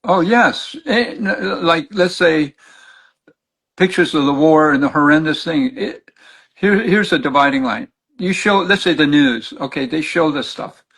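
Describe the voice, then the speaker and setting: An older man, a spiritual counselor, teaching in animated conversation and acting out his clients' words as he tells their stories. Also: fairly high pitch, a little slow, husky, rough recording.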